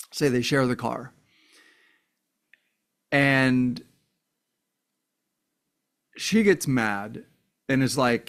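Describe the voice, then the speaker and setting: A man of middle pitch speaks straight to the camera in a loose, unscripted way, leaning on "like" and the odd swear word. He slips into angry, raised voices for the people in his story, then drops back to plain talk. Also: animated, extremely slow, long pauses. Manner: acts out quoted voices of an angry abuser and a victim in heated tones; blunt, swears, many "like" fillers. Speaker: commentator. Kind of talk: casual spoken commentary.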